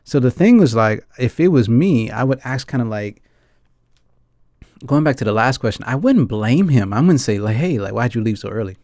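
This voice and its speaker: Mellow-voiced man in earnest rambling chat. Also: mid-range voice, animated, moderate pace, no echo, clean studio sound. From United States. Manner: earnest and rambling, keeps asking the audience "right?" and "guys". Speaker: film discussion host. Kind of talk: casual reflective chat.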